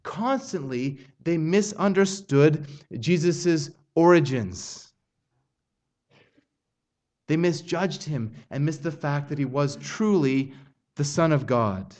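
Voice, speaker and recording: A man's voice: a little high, expressive, takes it slowly, darkish tone. A man preaching an expository sermon, earnest and building intensity on quoted passages. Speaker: pastor.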